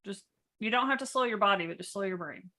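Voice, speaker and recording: A woman business coach teaching in a casual workshop, speaking in a calm, measured, matter-of-fact way. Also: medium pitch.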